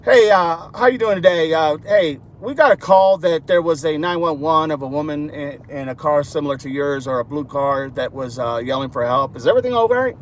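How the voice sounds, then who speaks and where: A man's voice: fairly high pitch, animated, brisk, hardly any pauses, a little hiss or hum, voice pushed down, close to an everyday voice. A man doing a matter-of-fact patrol cop. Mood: routine. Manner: casual police radio lingo.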